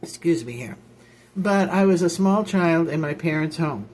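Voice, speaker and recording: A woman's voice: low voice, lively intonation, moderate pace, noisy background. A woman minister from Illinois, giving an informal, rambling ministry talk with folksy asides and repeated phrases. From Illinois, United States.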